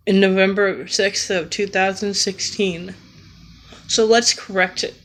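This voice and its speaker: A woman giving an earnest, halting political rant in a vlog, emotional and tearful. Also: mid-range voice. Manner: earnest, pleading, slow and halting.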